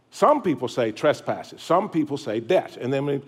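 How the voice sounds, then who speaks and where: A man's voice: mid-range voice, lively intonation, normal speed, few pauses, breathy edge. A middle-aged man, preaching a sermon to his congregation in a folksy, humorous way. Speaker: pastor. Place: church sanctuary.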